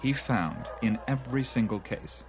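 A man's voice: mid-range voice, animated, moderate pace, a little hiss or hum, lightly acted, poor audio. A man playing an eager dinner guest who lectures at length about ancient mysteries, often between bites of food. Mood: lecturing. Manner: eager lecturing, talks while eating. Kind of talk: film dialogue.

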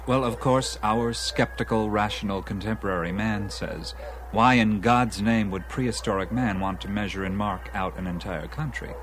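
An enthusiastic man lecturing over dinner, as an actor plays him, his voice sitting a bit low. He builds his points eagerly and keeps talking through mouthfuls. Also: normal speed, fairly bright tone, a little hiss or hum, close to an everyday voice, poor audio. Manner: eager lecturing, talks while eating. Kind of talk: film dialogue.

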